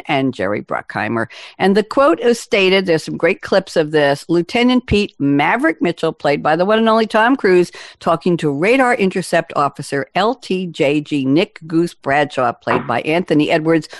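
A woman's voice: low voice, no room sound, clean studio sound. A woman hosting a business podcast, chatty and playful as she introduces her guests' quotes. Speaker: podcast host.

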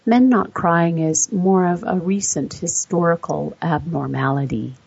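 Slow, gravelly-voiced woman narrator. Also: fairly low pitch, darkish tone, no room sound. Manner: measured, explaining research facts point by point. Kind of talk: explanatory voice-over narration. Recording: dull lo-fi dry recording.

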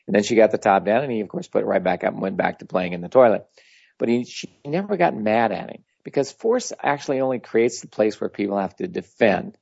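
A man's voice: on the low side, fast talker, gravelly, a little mellow, breathy edge, dry recording. A man giving a casual, rambling talk as a spiritual teacher, blunt and full of anecdotes. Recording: dull lo-fi audio.

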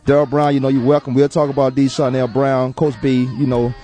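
A man's voice: medium pitch, faint music behind. Guy hosting sports talk radio, mid-range voice, jumps in a lot, laughs easy. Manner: animated, quick to jump in and laugh. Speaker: sports talk show host. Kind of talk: casual radio sports chat.

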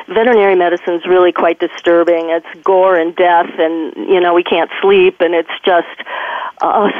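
A woman guest who is a veterinarian and author, telling stories in a lively conversational way, laughing often and acting out what others said. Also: on the low side, no room sound. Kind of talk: animated conversational storytelling. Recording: tinny phone line, dry.

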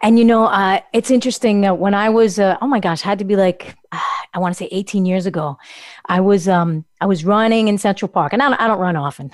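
A middle-aged woman health coach telling stories in an animated, chatty way, laughing often. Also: mid-range voice, dry recording, studio quality. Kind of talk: casual chat.

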